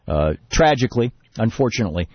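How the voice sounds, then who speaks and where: A man from Detroit hosting political talk radio, speaking in a rapid, discursive, opinionated way. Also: mid-range voice, big pitch swings, slightly rough, no echo, lo-fi sound. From Detroit, Michigan. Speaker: radio talk show host.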